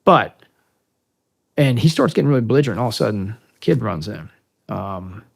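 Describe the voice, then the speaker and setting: A man in his fifties from the United States, a veteran guest on a long-form interview, telling a story in a casual, animated and profane way and loudly acting out the dialogue. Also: lowish voice, normal speed, gravelly, husky. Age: 50s. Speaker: podcast guest, military veteran.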